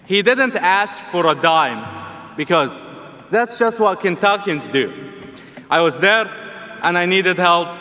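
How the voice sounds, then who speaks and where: A man's voice: high voice, lively intonation, takes it slowly, pauses often, pushed and bright. A young man from Egypt with an Egyptian Arabic accent, giving a humorous, earnest commencement speech in a large arena. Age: young adult. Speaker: student commencement speaker. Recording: long arena reverb.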